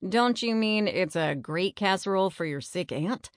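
A woman's voice: medium pitch, animated, normal speed, no echo, clean studio sound, close to an everyday voice. A woman voicing a nervous, wisecracking young boy who whispers and stammers in a children's storybook.

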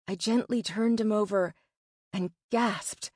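Female audiobook narrator: measured, expressive, slow, dry close sound. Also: medium pitch, no echo. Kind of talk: first-person novel narration.

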